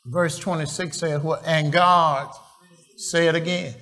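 Preacher guy, slow and halting, keeps asking the church "what?", a bit high-pitched. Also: steady tone, pushed and bright. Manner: call-and-response questions to the congregation; slow, halting, repeats and restarts phrases. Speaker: pastor. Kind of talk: sermon.

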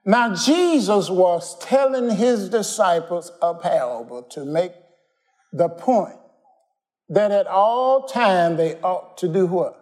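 A man's voice: high voice, animated, slow pace, a little mellow. A man preaching a sermon as pastor, telling plainspoken stories in everyday slang and asking the congregation to call back answers. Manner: folksy, call-and-response preaching.

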